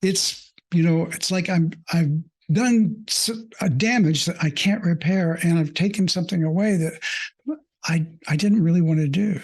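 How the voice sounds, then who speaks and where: A man working as a mindfulness coach, telling a personal story in a reflective, halting way with many fillers, earnest and openly emotional. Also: a little high, darkish tone, breathy edge.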